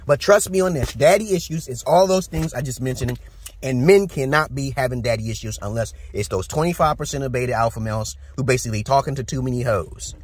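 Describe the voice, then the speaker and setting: A man's voice: mid-range voice, a bit bright, breathy edge. A man in his forties from Brooklyn with a New York accent, ranting bluntly and profanely in a casual, preachy vlog to his viewers. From Brooklyn, New York, USA. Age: 40s. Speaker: vlogger. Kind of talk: casual rant to camera.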